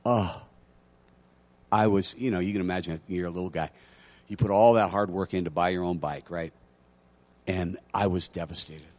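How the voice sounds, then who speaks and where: A man preaching a sermon, telling a personal story in a conversational way and building to loud, emphatic preaching. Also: low voice, fairly even intonation, normal speed, long pauses. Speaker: pastor.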